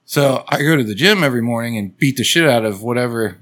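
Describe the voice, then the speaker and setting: A man's voice: medium pitch, animated, fast talker, a bit bright. A man in casual chat, blunt and profane, cracking jokes.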